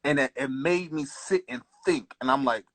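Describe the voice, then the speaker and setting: A man's voice: mid-range voice, moderate pace, fairly bright tone, rough recording. A young adult man co-hosting a casual podcast, telling a laid-back, slangy story and acting out the lines people said to him. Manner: laid-back, slangy, acts out quoted dialogue. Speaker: podcast co-host.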